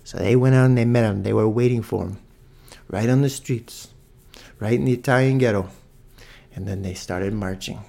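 A man hosting a podcast, telling a story in a lively, profane way with punchy sound effects. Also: mid-range voice, normal speed, creaky. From Toronto, Canada. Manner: animated, swears freely, adds punchy sound effects. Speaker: podcast host. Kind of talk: casual storytelling monologue.

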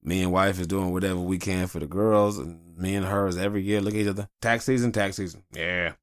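A man's voice: low-pitched, level tone, quick pace, no room sound, studio quality. A man hosting a solo podcast, talking casually in a rambling, profane, blunt way about his family and life. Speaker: podcast host.

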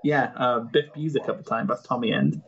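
A chatty, well-informed man co-hosting a laid-back watchalong podcast. His voice is husky, and the recording sounds dull and lo-fi. He laughs often as he talks. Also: medium pitch, fairly quick. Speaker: podcast co-host. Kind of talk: casual watchalong chat.

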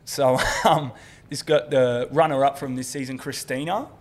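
A young Australian man, a guest comedian, telling dark stories on a podcast in a casual way, swearing freely and laughing as he goes. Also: medium pitch, fairly even intonation, moderate pace. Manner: swears freely, laughs through his stories, quotes people in put-on voices.

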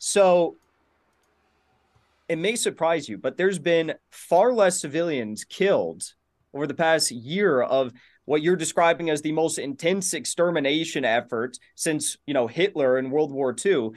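A man's voice: fairly high pitch, expressive, a little slow. A man debating over a video call, combative and dismissive, talking over interruptions. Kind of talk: heated online debate.

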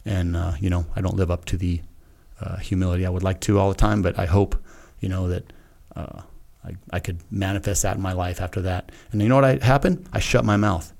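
A man's voice: low voice, steady tone, a little fast, gravelly, few pauses, a little mellow. A middle-aged man, a retired Navy SEAL guest on a podcast, telling a personal story in a frank, earnest, casual way and acting out his own past remarks.

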